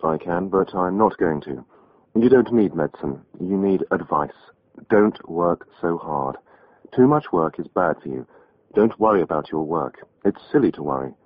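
Brisk no-nonsense doctor, read by a man, lively delivery, tinny lo-fi tape. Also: low-pitched, dry recording. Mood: firm. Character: calm, reassuring male doctor giving advice.

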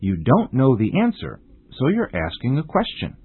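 Husky man teaching English. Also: mid-range voice, wildly swooping pitch, no echo. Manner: slow, deliberate example phrasing. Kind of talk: scripted radio language lesson. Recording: tinny phone-like broadcast audio.

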